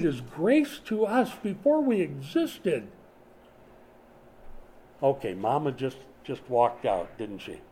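A man's voice: medium pitch, lively intonation, a little slow, warm tone. A man in his sixties preaching a sermon in a conversational way, putting questions to his congregation. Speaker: pastor. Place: small church during a power outage.

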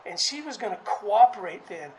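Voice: animated, darkish tone, a little hiss or hum, low-quality recording. A preacher giving a conversational sermon, often restarting words and acting out quotes. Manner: conversational, halting delivery with frequent restarts; acts out quoted speech with raised pitch.

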